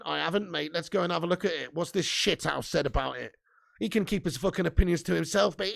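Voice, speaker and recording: A man hosts a live football fan stream in an indignant, profane rant. His voice sits very high for a man and grinds with strong vocal fry. He keeps swearing as he reacts to the news. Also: lively intonation, quick pace. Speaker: fan channel host.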